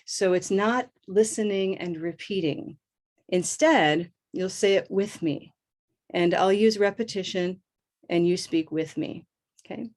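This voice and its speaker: Slow, encouraging woman teaching pronunciation. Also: lowish voice, a little mellow. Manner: slow, deliberate, drawn-out modeling of vowel sounds; encouraging, upbeat praise. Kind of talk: live online pronunciation lesson.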